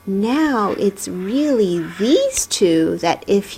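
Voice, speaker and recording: A woman's voice: medium pitch, very animated, slow pace, few pauses, warm tone, husky. A middle-aged woman teaching a language class, patiently drilling sounds syllable by syllable. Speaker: Japanese teacher. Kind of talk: classroom lesson.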